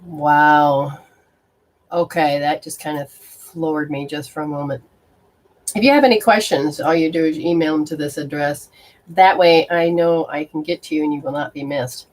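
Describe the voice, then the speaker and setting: Woman host, lower pitch, spiritual reader on a live stream: blunt, exclamatory, unfiltered. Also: normal speed. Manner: blunt and exclamatory, swearing, reacting aloud to sensations. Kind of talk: casual live-stream talk with viewers.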